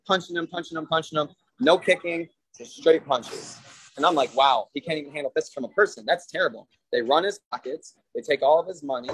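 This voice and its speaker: A man's voice: mid-range voice, breathy edge, no room sound, low-quality recording. Man rambling through a long joke. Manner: meandering, drawn-out telling with many fillers. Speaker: defendant. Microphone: video call.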